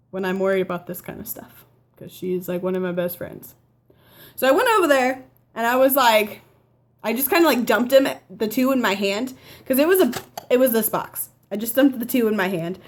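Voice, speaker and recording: A nineteen-year-old woman telling a casual story at home, chatty and animated, quoting the people in her story. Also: fairly high pitch. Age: teens. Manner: chatty, animated retelling with quoted dialogue. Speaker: vlogger. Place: home living room by a window.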